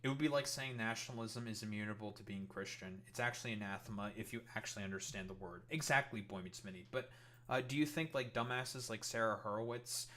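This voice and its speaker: A man's voice: lowish voice, fast, fairly bright tone, a little hiss or hum. A man hosting a political commentary stream, ranting heatedly and swearing constantly. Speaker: streamer host.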